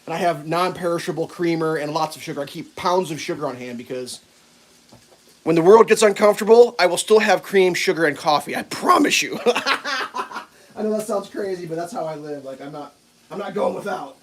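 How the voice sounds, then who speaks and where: A man's voice: fairly high pitch, animated, a little fast. Chatty man cooking breakfast on a livestream. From central United States. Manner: rambling, chatty, talks to viewers and his dog. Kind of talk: casual live-stream chat while cooking. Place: home kitchen.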